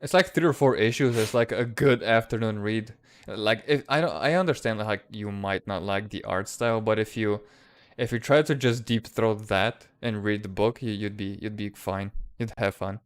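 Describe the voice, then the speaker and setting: A man with a voice on the low side talks at normal speed in a casual live chat. He's a comics creator living outside the United States, easygoing, laughing a lot and swearing without restraint.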